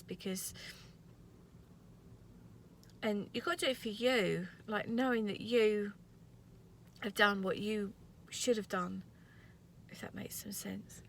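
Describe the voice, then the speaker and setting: A woman's voice: mid-range voice, a bit bright, a little hiss or hum. A woman in her thirties recording an earnest, rambling motivational vlog from her parked car. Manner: earnest, rambling, tearful at times. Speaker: vlogger.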